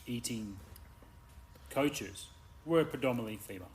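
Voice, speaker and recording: A man's voice: medium pitch, moderate pace, a little hiss or hum, rough recording. A man co-hosting a podcast, telling stories in a rambling way. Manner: rambling storyteller, stammers when excited. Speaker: podcast co-host. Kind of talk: casual chat.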